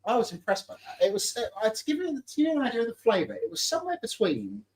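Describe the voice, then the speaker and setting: A man's voice: very high voice, huge pitch swings, rapid-fire, darkish tone. A man in his thirties co-hosting a casual live-stream chat, playful and teasing. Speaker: co-host.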